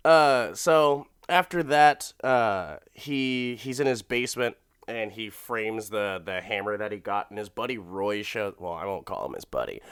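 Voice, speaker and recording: A male podcast host rambles through a comedic episode recap, swearing and laughing along the way. His voice is smooth and resonant, recorded close in a dry room. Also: mid-range voice, fairly bright tone, dry recording.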